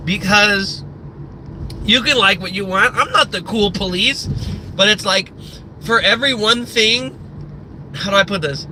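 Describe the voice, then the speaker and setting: A man's voice: sits high, animated, unhurried, long pauses, bright, forceful tone, slight background noise, poor audio. A man from the Midwest US, a live streamer, ranting casually and profanely and wandering off on tangents. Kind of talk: casual livestream rant.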